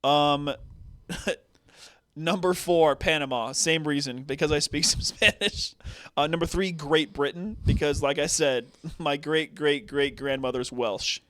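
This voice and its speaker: A man's voice: on the high side, measured pace, fairly bright tone, dry recording. A young man co-hosting a podcast, talking in casual banter and laughing through his own jokes. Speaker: podcast co-host.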